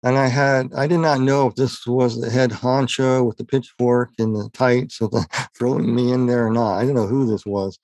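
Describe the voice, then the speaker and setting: Guy with a gravelly voice, tearing up as he talks, stops and repeats himself a lot, dry sound. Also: mid-range voice, steady tone, darkish tone, no echo. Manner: halting, repeats words, choked up with tears. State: tearful, voice breaking. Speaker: interview guest. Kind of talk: emotional personal testimony.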